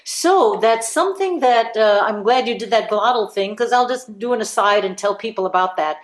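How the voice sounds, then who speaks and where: A woman's voice: on the high side, normal speed, roomy sound. A woman voice teacher coaching students through vowel exercises, encouraging them and singing examples. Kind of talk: live group voice lesson.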